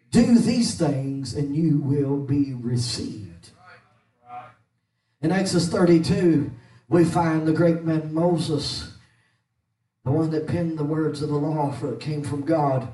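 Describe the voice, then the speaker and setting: A pastor who preaches a holiness sermon, shouting with rhythmic, rising cadences and growing short of breath. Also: male voice, on the high side, slow pace. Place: church sanctuary. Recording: echoey church, mic at a distance.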